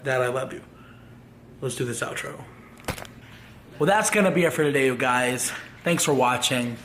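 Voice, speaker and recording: A grieving man talking to his viewers in a halting, heartfelt farewell vlog. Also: mid-range voice, a bit bright, slight background noise. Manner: halting, grief-stricken. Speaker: vlogger.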